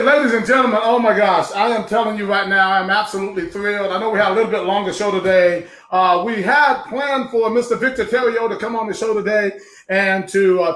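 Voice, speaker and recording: A man hosting a live online show, talking with loud, emotional enthusiasm. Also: high-pitched, echoey room. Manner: effusive, emotional, loud exclamations.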